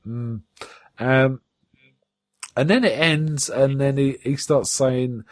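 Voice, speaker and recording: Male podcast co-host, casual recap, mid-pitched, close and dry, lots of ums and restarts. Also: slow, long pauses, no room sound. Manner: animated retelling, acts out quotes in a raised voice; chatty, with many fillers and restarts. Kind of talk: casual episode recap chat.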